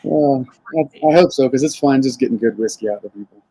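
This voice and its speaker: Southern man, dark mellow tone, easygoing guest who chuckles at himself, video-call sound. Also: medium pitch, brisk, breathy edge, rough recording. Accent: Southern American twang. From South Florida, raised in Alabama. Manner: relaxed, chatty, self-deprecating with chuckles. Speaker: distillery owner, guest. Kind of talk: casual live-stream interview.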